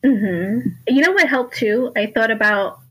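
Woman guest, high bright voice, lively storyteller who laughs a lot. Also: a little slow, slightly rough, low-quality recording. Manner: animated storytelling, laughing often, acting out voices. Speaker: podcast guest. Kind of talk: casual chat.

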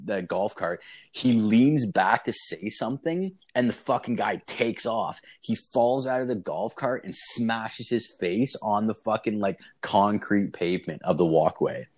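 A young man casually telling a story, swearing constantly and acting out what everyone said. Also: lowish voice. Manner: swears constantly, animated retelling with quoted voices.

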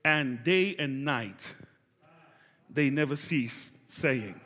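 A man, preaching a sermon with call-and-response and building to shouts. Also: medium pitch, lively intonation, drawn-out words. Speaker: pastor. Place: large church hall. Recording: reverberant church hall.

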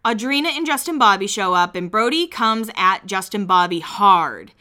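A woman's voice: mid-range voice, lively intonation, normal speed, sharp tone. A woman casually recapping a reality show, chatty and candid, swearing freely and acting out quotes.

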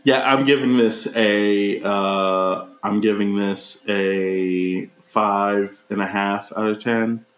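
A man co-hosting a casual, profane movie review chat, leaping into high mocking voices when he retells scenes. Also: slow pace, few pauses. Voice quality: animated, jumps into high mocking voices for quoted characters. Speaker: podcast co-host reviewing a movie. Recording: roomy echo.

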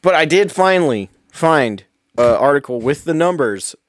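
A man co-hosting a casual comedy talk show, chatting and reading out statistics in a relaxed way. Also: a little high, normal speed, background noise. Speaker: podcast co-host.

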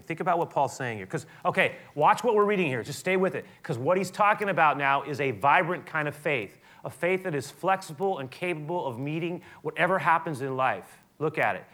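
A man preaching a sermon, animated, building to loud emphatic peaks and dropping to soft tones, often restarting his sentences. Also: mid-range voice. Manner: frequent restarts and repetitions. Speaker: pastor.

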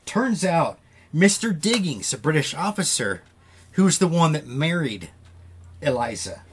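A man's voice: on the high side, very animated, a little slow, a little hiss or hum. A man hosting a podcast, casually retelling a story with loose quoted dialogue and frequent swearing. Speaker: podcast host.

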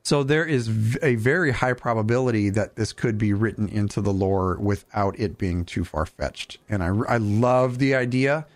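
A man hosting a casual gaming podcast, animated and jokey, with quick asides. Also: fairly low pitch. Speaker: podcast host.

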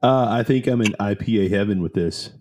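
Low-voiced man chatting enthusiastically. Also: fairly quick, darkish tone, slight background noise. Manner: enthusiastic, rambling, lots of fillers. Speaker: co-host of a beer tasting show. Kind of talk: casual chat.

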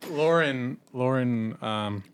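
A man's voice: mid-range voice, slow, clear, resonant tone. A man co-hosting a podcast in casual chat, telling rambling stories with hesitant fillers. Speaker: podcast co-host.

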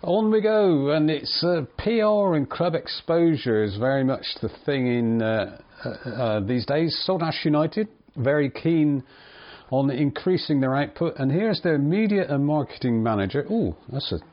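A man's voice: fairly high pitch, a little slow. Guy hosting a podcast, laid back, kinda muffled sound. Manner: relaxed, hesitant fillers, light jokes. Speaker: podcast host. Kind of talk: casual chat and introductions. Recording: slightly dull lo-fi sound.

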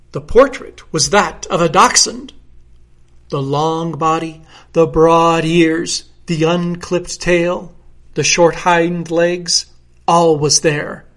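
A man reading a comic story aloud in a measured, theatrical way. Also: fairly high pitch, a bit bright. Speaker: narrator.

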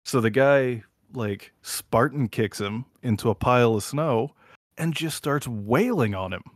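A man casually recounting a TV scene on a podcast, animated and profane, swearing freely. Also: mid-range voice, unhurried, dry recording, studio quality. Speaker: podcast host. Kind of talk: casual chat, retelling a show scene.

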